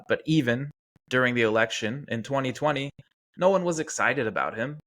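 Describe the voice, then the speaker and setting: A man hosting a podcast, talking through political commentary in a casual, sarcastic way. He chuckles often as he talks, and his voice sits at an ordinary middle pitch. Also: fairly bright tone. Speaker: podcast host.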